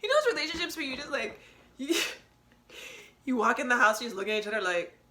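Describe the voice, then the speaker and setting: Bright-voiced woman hosting a candid podcast. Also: fairly high pitch, fast, a little hiss or hum. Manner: emotional, earnest, preachy, laughs often. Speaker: podcast host. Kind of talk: candid solo podcast talk.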